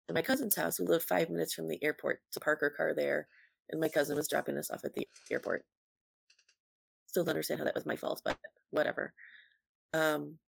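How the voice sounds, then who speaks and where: A woman's voice: sits low, vocal fry, dry recording. A woman in her early twenties casually telling a personal story, chatty and full of "like", acting out what people said. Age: early 20s. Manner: chatty, lots of "like", acts out quotes.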